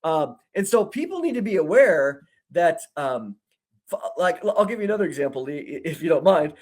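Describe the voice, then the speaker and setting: A man co-hosting a discussion, telling an animated story and acting out the dialogue he quotes. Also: fairly high pitch, brisk. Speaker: co-host. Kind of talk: conversational discussion.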